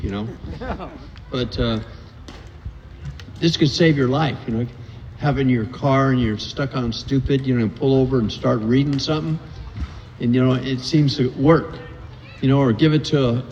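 A man's voice: medium pitch, a little mellow, a little hiss or hum. Chatty man making announcements in a hall. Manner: loose, chatty, repeats "you know". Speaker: meeting announcer, literature rep. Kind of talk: casual announcements. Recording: echoey hall, dull lo-fi sound.

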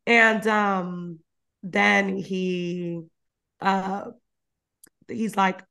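A woman podcast host recapping a book in loose, laid-back talk. She drops curses and filler words and keeps laughing between beats. Her voice sits at a mid pitch for a woman. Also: level tone, drawn-out words, creaky, pushed and bright, clean tone. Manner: loose and profane, fillers like "you know", frequent laughs. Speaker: podcast host retelling a novel. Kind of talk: casual book recap chat.

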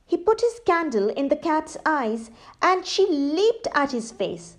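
A woman reading a children's story aloud in a slow, expressive way and talking to young listeners. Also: high-pitched. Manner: slow, expressive, sing-song.

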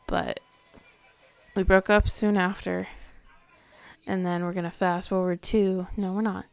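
Teen girl podcaster late at night, sleepy, hesitant, keeps slipping into a whisper, clean smooth voice. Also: fairly low pitch, flat delivery, unhurried, no room sound. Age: teens. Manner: hesitant, soft-spoken, often trailing into a whisper. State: tired, yawning. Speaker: podcast host. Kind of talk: confessional late-night monologue.

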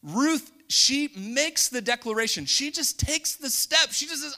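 A male preacher delivers an animated sermon, often laughing and acting out the scenes he describes. His fairly high voice is sharply bright and swings widely up and down. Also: unhurried, few pauses.

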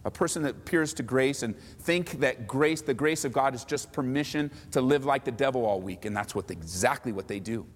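Animated preacher man in a reverberant church. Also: medium pitch, fairly quick, hardly any pauses. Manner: animated preaching, acts out mocking voices of others. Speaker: pastor. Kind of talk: sermon.

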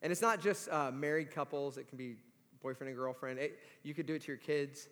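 Man preaching in a high voice. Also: fairly quick. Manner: conversational, animated, emphatic. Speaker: pastor. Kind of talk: sermon. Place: large hall or church. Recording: long reverb of a big hall.

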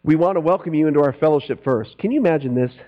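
A middle-aged man preaching a sermon, swinging between loud, animated preaching and quiet asides. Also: a little high, rapid-fire. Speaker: pastor. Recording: dull lo-fi recording with mains hum.

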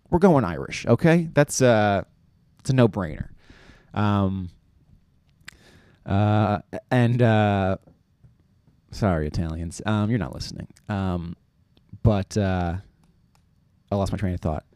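Rambling low-voiced man, dry close sound. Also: slow pace, pauses often, mellow, smooth, no echo. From New York. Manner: rambling, self-deprecating, many fillers and restarts. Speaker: comedian. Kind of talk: casual comedic monologue.

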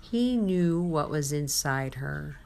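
A woman's voice: deep voice, expressive, slow pace, creaky, a little mellow. A woman giving a sermon-style testimony, telling a personal story with quoted dialogue and speaking to the listener.

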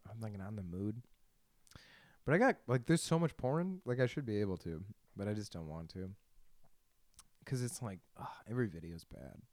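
A man's voice: medium pitch, a little mellow, no echo. A young man hosting a solo podcast, telling crude stories with a lot of laughing and self-mockery. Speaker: podcast host. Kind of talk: rambling solo podcast monologue.

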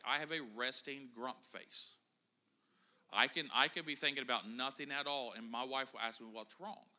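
A man's voice: on the high side, pushed and bright. A middle-aged man preaching a casual sermon in a church, chatting and joking with the congregation. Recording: church hall reverb.

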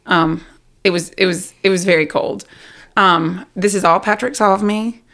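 A middle-aged woman with a Southern US accent, a guest on an interview, talking in a quick, chatty way and laughing easily. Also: lowish voice, fairly even intonation, a bit bright. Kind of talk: casual interview chat.

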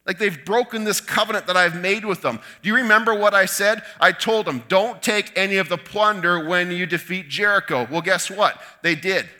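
A man's voice: high voice, normal speed, few pauses, sharp tone, in a large hall, pitched above the performer's own voice. A man voicing God as a fed-up parent who sternly scolds. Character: fed-up divine father scolding his people.

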